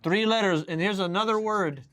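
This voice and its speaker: Man teaching a class, higher voice. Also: normal speed, fairly bright tone. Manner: explains patiently, checks with "right?", reads Arabic examples aloud. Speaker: Arabic teacher. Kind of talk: classroom lesson. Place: classroom with students.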